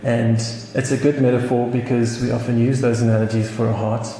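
A man's voice: mid-range voice, flat delivery, a little fast, warm tone. A South African man preaching a sermon, telling a story with chuckles and many restarts. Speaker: pastor. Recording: echoey hall with faint noise.

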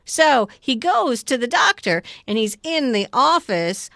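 A woman casually recapping a movie plot in an animated way, acting out scenes with sound effects and quoted voices. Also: a little high, a little slow, vocal fry, few pauses, no echo, clean studio sound. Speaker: podcast co-host recapping a movie. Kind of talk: casual chat.

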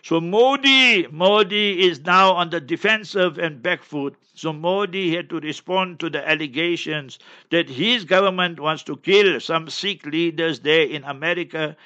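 A man with a South African accent giving forceful, indignant commentary on current events as a religious speaker. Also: fairly high pitch, normal speed, lo-fi sound. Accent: South African English. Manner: forceful, indignant, mocking quoted voices.

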